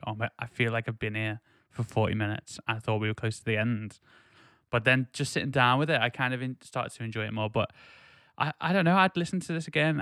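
A man chats loosely about an album, full of "like" and false starts. His voice is bright and smooth. The sound is dry and close to the mic. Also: on the low side, dry recording. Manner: chatty, many fillers and restarts. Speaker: podcast co-host. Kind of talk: casual podcast chat.

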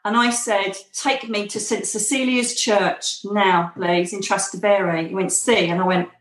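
A woman's voice: mid-range voice, steady tone, unhurried, echoey room, low-quality recording. A woman being interviewed, telling a personal story in a chatty way and acting out the dialogue. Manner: chatty, acts out quoted dialogue. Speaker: interview guest.

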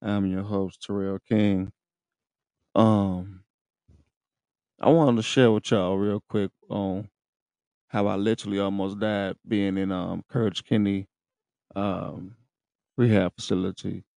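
A man's voice: fairly low pitch, fairly even intonation, takes it slowly, creaky, long pauses, dark tone, no room sound. A man hosting his own podcast, telling a personal story in a loose, profane, casual way and speaking straight to his listeners. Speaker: podcast host.

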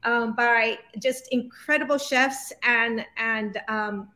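A woman's voice: on the high side, steady tone, slow pace, sharp tone. A woman scholar speaking as an interview guest, thoughtful and reflective. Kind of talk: conversational interview.

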